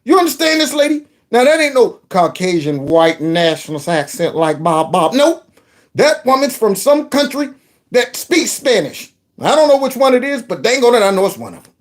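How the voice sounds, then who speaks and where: A man's voice: very high-pitched, big pitch swings, moderate pace. A man giving casual, folksy commentary as he reacts to news clips and talks back to them.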